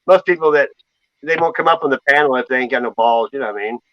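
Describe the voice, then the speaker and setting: A man's voice: medium pitch, fast, no room sound, dull audio. A man, hosting a casual livestream and trading crude, loose banter. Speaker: livestream host.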